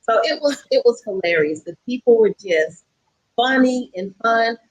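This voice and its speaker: A woman from Atlanta with a Southern accent, telling a lively travel story as a guest and acting out the voices of people she quotes. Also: fairly high pitch, normal speed, rough recording. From Atlanta, USA. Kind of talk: casual storytelling.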